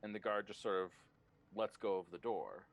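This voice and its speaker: Man, game master, low pitch, halting casual narration. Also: vocal fry, lo-fi sound. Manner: hesitant, many ums and uhs.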